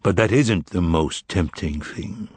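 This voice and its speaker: A man voicing a grave, unhurried male devil who speaks slowly and deliberately. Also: a little mellow, breathy edge, no echo. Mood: knowing. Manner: slow, low, deliberate.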